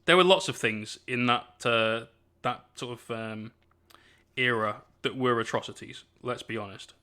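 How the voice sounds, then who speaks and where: A man's voice: medium pitch, a little slow, pushed and bright. A man hosting a casual painting live stream, bantering with his chat and explaining each step as he works.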